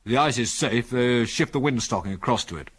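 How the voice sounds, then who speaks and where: A man doing a practical bush pilot in a storybook, his hesitant lines broken by fillers. The voice is raised slightly above the reader's own, with an animated pitch. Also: fairly quick, breathy edge. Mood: uneasy. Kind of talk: audiobook character voice.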